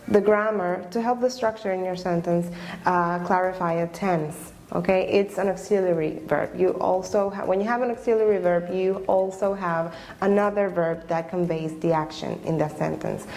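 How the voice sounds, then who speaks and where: A woman's voice: on the low side, darkish tone, a little hiss or hum. A woman teaching an English lesson online, patient and explanatory, often checking in with "okay?" and restating her points.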